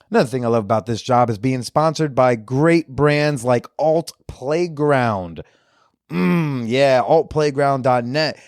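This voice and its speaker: A man hosting a podcast, doing casual ad reads and fan shout-outs in a jokey, off-the-cuff way with crude humor. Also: mid-range voice, dry recording, clean studio sound. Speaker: podcast host.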